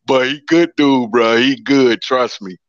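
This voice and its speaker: A man's voice: medium pitch, a little slow, no room sound. A man co-hosting a podcast in casual chat, talking laid-back slang and saying "bro" over and over. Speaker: podcast co-host. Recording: dull lo-fi dry sound.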